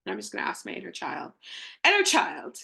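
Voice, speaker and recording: A woman's voice: on the low side, wildly swooping pitch, fairly quick, vocal fry, pushed and bright, husky. A young adult woman, a spiritual coach, chatting casually and acting out inner voices with frequent laughs. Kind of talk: casual spiritual teaching talk.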